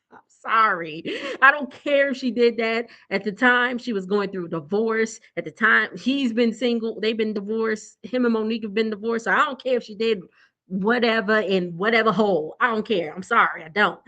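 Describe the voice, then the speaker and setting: A woman's voice: mid-range voice, sharp tone. Chatty woman giving a blunt show recap. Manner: chatty and blunt, laughing often, addressing viewers as y'all. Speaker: TV recap vlogger. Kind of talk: casual recap chat.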